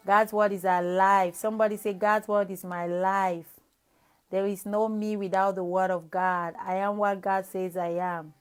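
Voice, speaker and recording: A woman's voice: medium pitch, little pitch movement, a little slow, clear, resonant tone, soft background music. Earnest woman evangelist preaching. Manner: earnest, personal testimony, repeats and restarts. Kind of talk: devotional sermon with scripture reading.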